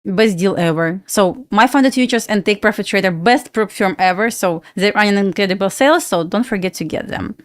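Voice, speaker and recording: Speaking at a fairly quick clip with hardly any pauses, a woman with a medium-pitched voice and a Belarusian accent runs a casual trading livestream. Chatty and often laughing, she reads viewers' questions and responds to them; the sound is studio quality with no echo.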